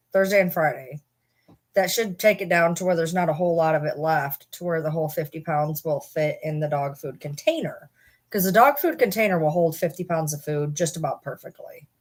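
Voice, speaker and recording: A woman's voice: lowish voice, normal speed. A woman hosting a casual livestream, chatting and rambling to viewers and swearing casually. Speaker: livestream host.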